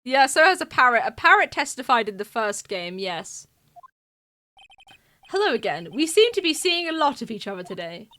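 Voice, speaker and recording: Bright-voiced excitable woman streamer. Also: on the high side, normal speed. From United Kingdom. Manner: excitable, laughs often, voices characters. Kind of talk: live game playthrough, reading dialogue aloud.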